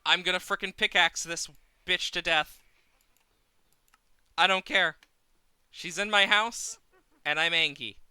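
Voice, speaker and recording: A man's voice: high voice, a little slow, long pauses, sharp tone, smooth, no room sound. A man streaming a game live, talking to himself with exasperated running commentary, swearing at the game and counting under his breath into a desk mic.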